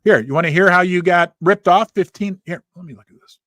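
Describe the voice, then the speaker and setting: Middle-aged male host, somewhat high voice, emphatic and folksy, dry close recording. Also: a little fast, a bit bright, no room sound. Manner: emphatic, folksy, asides and rhetorical questions. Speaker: host of a finance commentary show. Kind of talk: casual commentary reading news aloud. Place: home studio.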